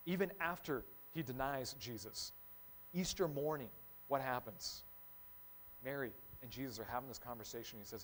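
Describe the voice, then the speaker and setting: A man's voice: medium pitch, fairly quick, slight background noise, rough recording. Conversational man preaching a sermon. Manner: conversational, acts out short quotes in lively voices. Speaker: pastor.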